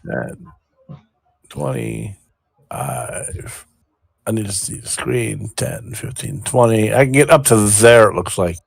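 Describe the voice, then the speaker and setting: A man with a gravelly voice plays a tabletop game. He counts out his moves aloud in a plain, matter-of-fact way. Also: lowish voice, slow pace, long pauses. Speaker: player. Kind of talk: casual tabletop play.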